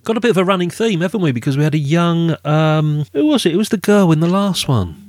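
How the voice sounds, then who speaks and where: A man's voice: a little high, expressive, fast talker, a little mellow, no room sound. A man from Britain co-hosting a casual film discussion. He reads out release details, cast and plot, then turns to his co-hosts with questions. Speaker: podcast co-host.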